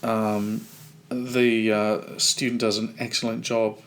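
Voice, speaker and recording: A man co-hosting a podcast in casual chat, talking in a halting, stop-start way. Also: on the low side, level tone, fairly bright tone. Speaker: podcast co-host; clinic supervisor.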